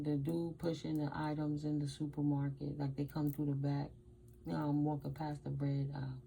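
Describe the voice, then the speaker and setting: A woman's voice: deep voice, gravelly, mellow, a little hiss or hum, rough recording. A woman from the United States doing a casual tarot reading and telling stories, blunt and emphatic, with Spanish words mixed in. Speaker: tarot reader.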